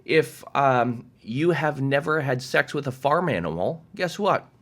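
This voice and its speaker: A man's voice: medium pitch, lively intonation, unhurried, fairly bright tone. A man giving a direct-to-camera motivational talk as a coach, emphatic and passionate, swearing freely.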